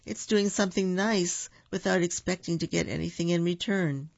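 A man reading a picture book aloud, voicing a big, gentle, kind male bear in a gravelly voice close to his own. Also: sits high, steady tone, normal speed, dry recording, dull audio, voice pushed up.

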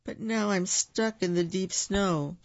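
A man reading a picture book aloud, voicing a small, timid young male deer in a high, gravelly voice. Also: slow pace, dry recording, dull audio.

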